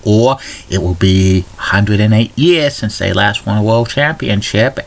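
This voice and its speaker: A man's voice: on the low side, measured pace, vocal fry. A man hosting a casual morning video blog, reading a chatty rundown of news items and trivia with small restarts. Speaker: video blogger.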